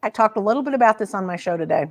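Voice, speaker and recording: A woman's voice: medium pitch, lively intonation, racing. A woman co-hosting a casual chat show, frank and fired up as she vents. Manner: frank, fired-up ranting, drawling. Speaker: co-host.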